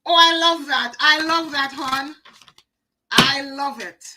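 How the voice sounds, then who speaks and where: A woman's voice: high-pitched, slow, very noisy. A woman doing a live oracle card reading, chatty, talking to viewers by name and repeating phrases for emphasis.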